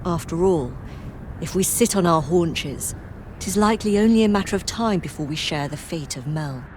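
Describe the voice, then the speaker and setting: Woman voicing a formal noble leader in a fantasy game, measured old-timey talk, lowish voice. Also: expressive, a little mellow, a little hiss or hum, natural voice. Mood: grave, formal. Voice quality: measured, formal archaic diction. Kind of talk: video game dialogue.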